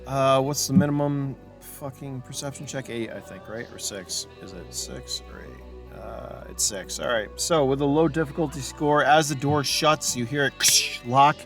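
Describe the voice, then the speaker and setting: A man's voice: medium pitch, measured pace, a bit bright, faint music behind. A man running a tabletop game as game master, casual and profane, laughing often.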